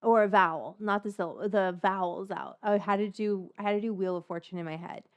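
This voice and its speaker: A woman hosts a casual cooking vlog, talking to viewers as she works. She rambles from one story to the next, breaking off and restarting her sentences. Her pitch sits in the middle of the range. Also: fairly even intonation, brisk. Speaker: cooking show host.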